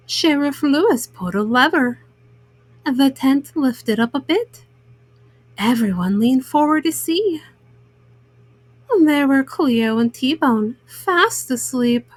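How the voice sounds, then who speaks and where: A woman reading a children's picture book aloud, gentle and unhurried. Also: high voice, animated, no room sound. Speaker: children's story reader.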